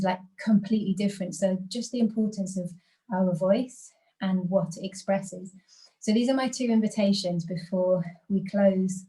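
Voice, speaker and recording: Brief: woman facilitator guiding a workshop, mellow tone, even and level delivery, calm and encouraging. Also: lowish voice, rough recording. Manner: calm, encouraging, invites reflection. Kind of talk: guided group workshop talk.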